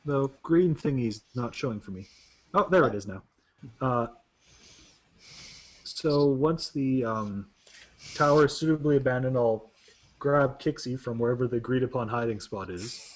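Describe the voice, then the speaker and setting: A man's voice: mid-range voice, moderate pace, long pauses. A man playing a tabletop game over online voice chat, stammering and repeating words as he plans. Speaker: player.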